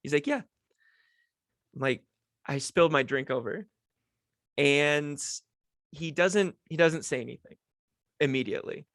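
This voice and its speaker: On his own podcast, a young man whose voice sits on the high side, slightly bright with lively intonation, tells a childhood story unhurriedly and pauses often. The casual monologue rambles, pokes fun at himself, and restarts a lot; the home recording is dry.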